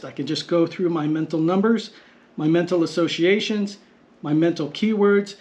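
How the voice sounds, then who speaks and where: A man teaching vocabulary in a patient, explanatory lesson, repeating words slowly and deliberately. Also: on the high side, a little mellow. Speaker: language teacher. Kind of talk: slow explanatory lesson narration.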